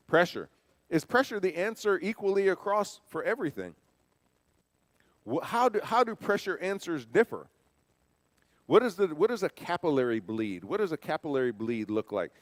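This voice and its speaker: A man's voice: fairly high pitch, sing-song, normal speed, long pauses. A man giving a church safety training talk, conversational, asking rhetorical questions and telling personal stories. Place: church hall. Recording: long reverb of a large hall.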